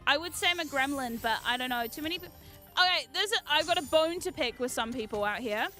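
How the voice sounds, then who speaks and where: A woman streaming a game, chatting excitedly with her viewers, swearing freely and shouting at the game. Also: high-pitched, fast talker, faint music behind. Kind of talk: live-stream gameplay chat.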